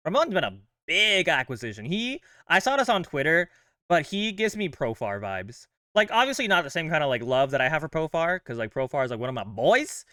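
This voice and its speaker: A man hosts his fan channel in an easygoing, upbeat chat, dropping in loose fillers as he goes. His voice is a touch higher than most and rings smooth and clear. The sound is close and dry, with no room around it. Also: very animated, a little fast, sharp tone, no echo. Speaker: host of a fan sports channel. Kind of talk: casual chat.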